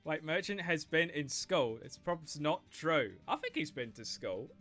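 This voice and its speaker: A man's voice: fairly high pitch, animated, moderate pace, fairly bright tone, faint music behind. A man chatting casually and swearing freely while livestreaming a video game. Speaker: streamer. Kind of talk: casual gaming livestream chat.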